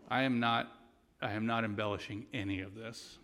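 A man's voice: lowish voice, steady tone, moderate pace, a bit bright, long reverb tail. A man giving an earnest, conversational sermon with stories, ending in prayer. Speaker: guest preacher.

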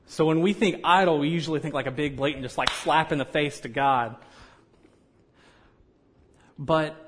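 A man's voice: on the high side, a bit bright. A man preaching a sermon in a conversational way, with joking asides and frequent "you know".

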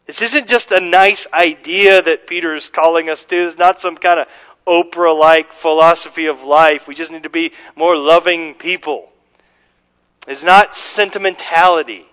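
A male pastor with a noticeably high voice delivers an earnest, emphatic sermon. He restarts sentences with repeated words and slows right down to lean on the phrases he wants to land. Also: fairly even intonation, a bit bright, rough recording. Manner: slows down to stress scripture phrases.

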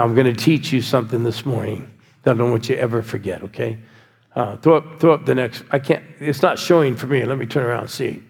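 Gravelly older male preacher in a hall. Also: mid-range voice, a little mellow. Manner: exhorting, coaxing a congregation with call-and-response. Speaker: pastor. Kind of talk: sermon. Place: large church hall. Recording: church hall with long reverb.

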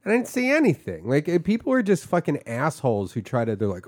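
A man hosting a casual podcast chat, telling stories with lively bits of impression. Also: a little high, quick pace, dry recording, studio quality. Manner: animated storyteller, slips into impressions. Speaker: podcast host.

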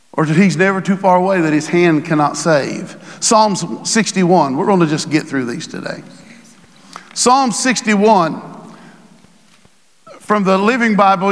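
A man preaching a sermon as pastor, building to shouted emphasis and quoting scripture. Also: sits high, long reverb tail. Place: church sanctuary.

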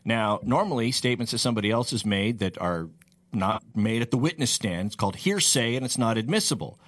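Male legal commentator, mid pitch, lively delivery, acts out examples. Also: brisk. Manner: explains patiently, acts out hypothetical people. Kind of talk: casual explanatory talk.

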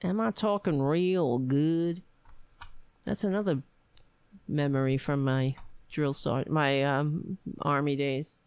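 A woman's voice: sits low, measured pace, long pauses, darkish tone, clean tone, no room sound. A woman hosting a podcast, talking in a blunt, profane, rambling way in casual commentary. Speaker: podcast host. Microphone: webcam setup.

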